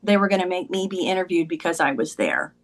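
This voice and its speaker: A woman's voice: on the low side, sing-song, fast. Woman telling a personal story. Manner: conversational, leans on "like" and "he goes". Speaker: podcast guest.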